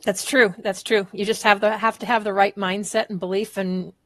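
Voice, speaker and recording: A woman's voice: medium pitch, level tone, moderate pace, a bit bright, no room sound. A woman hosting a podcast interview, asking open questions and affirming her guest's answers. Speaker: podcast host.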